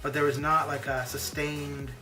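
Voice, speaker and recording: A man's voice: fairly high pitch, flat delivery, normal speed. A man in his forties chatting casually on a live game stream, rambling and answering his chat. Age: 40s. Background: stream background music.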